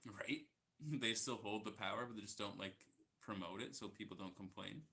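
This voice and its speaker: A man's voice: lowish voice, moderate pace, vocal fry, pushed and bright. A young Canadian man hosting a casual chat, laid-back and swearing, often trailing off mid-thought. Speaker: podcast host.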